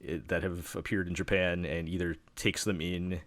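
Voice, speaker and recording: Male podcast host from New York, very low voice, dry sound, loose rambling delivery. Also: flat delivery, normal speed, a bit bright, no room sound. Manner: rambling, many fillers and restarts. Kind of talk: casual chat.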